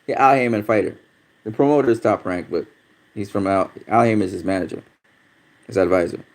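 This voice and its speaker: A man with a lowish voice talks a little fast as he hosts a casual boxing livestream and reads viewer comments. He's blunt, swears a lot and gets frustrated easily.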